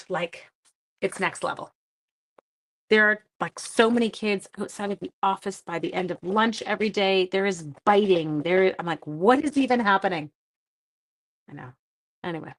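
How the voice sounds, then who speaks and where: Woman host, live craft demo, chatty, self-deprecating, medium pitch. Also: fairly bright tone. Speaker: papercraft demonstrator hosting a livestream.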